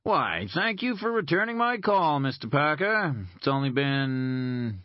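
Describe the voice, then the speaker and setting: A man's voice: a little high, sing-song, unhurried, dry recording, voice pushed up. A man voicing a smug, sarcastic male federal agent with pompous, mocking politeness in an audiobook. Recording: dull lo-fi recording.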